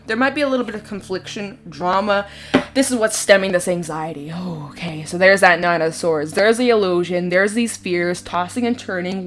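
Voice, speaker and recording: A woman giving a casual tarot reading in a chatty, expressive way, sometimes giggling and swearing casually. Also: medium pitch. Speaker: tarot reader. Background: soft background music.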